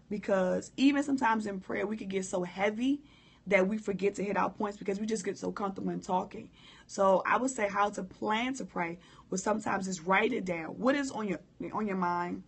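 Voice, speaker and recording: A hoarse woman who coughs now and then, giving a candid, informal live-stream talk on prayer and speaking straight to her viewers. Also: medium pitch, moderate pace, a bit bright. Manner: candid, informal, preacherly direct address. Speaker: motivational speaker.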